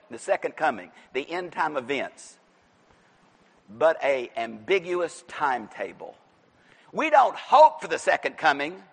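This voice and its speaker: A high-voiced man preaching in a church, his pitch leaping all over as he teaches and exhorts. He is emphatic and animated and now and then bursts into a shout. A long hall reverb trails every word. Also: breathy edge. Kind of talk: expository sermon.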